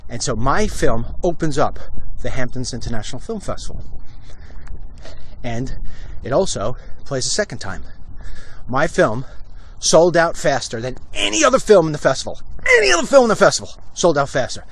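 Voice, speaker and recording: A man hosting a walk-and-talk vlog, telling animated stories and slipping into mocking impressions as he walks outdoors. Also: mid-range voice, moderate pace. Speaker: host. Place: outdoors, walking.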